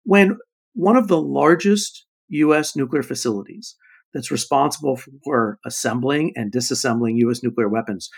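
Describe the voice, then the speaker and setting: A man co-hosting a podcast, chatting loosely in a middle-pitched voice. He jokes along, stumbles over restarts and scatters fillers through every sentence. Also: normal speed, vocal fry, breathy edge. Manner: joking, lots of fillers and restarts. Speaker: podcast co-host. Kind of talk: casual chat.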